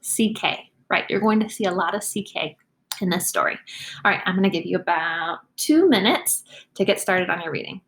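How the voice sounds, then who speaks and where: A female teacher leads a demonstration reading lesson for young students, sounding out words clearly and encouragingly. Her voice is lowish and fairly bright, at a normal speed.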